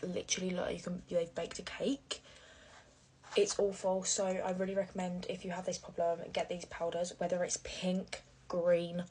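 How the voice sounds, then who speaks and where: A young woman talks through her makeup routine in a chatty, gushing way, full of "like" and repeated words. Her voice sits a little low, recorded close on a phone at home with faint room ambience behind her. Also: a little mellow, slight background noise. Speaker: makeup vlogger. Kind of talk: casual makeup tutorial.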